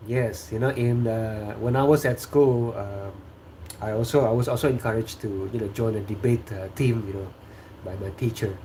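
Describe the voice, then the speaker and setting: A man with an Indonesian accent, a native Sundanese speaker, hosting a casual livestream chat, relaxed and chuckling, with many fillers. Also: mid-range voice, normal speed, slight background noise. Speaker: host.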